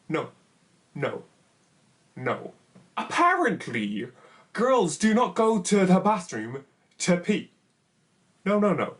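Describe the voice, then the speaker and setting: A young man telling a funny personal story in an animated, exaggerated comic way. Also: a little high. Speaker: YouTuber. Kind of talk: comedic story time.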